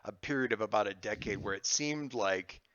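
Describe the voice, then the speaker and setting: A man running a tabletop game, chatting out of character, excitable and halting, with many restarts. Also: on the low side, no echo. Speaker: game master. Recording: slightly muffled dry audio.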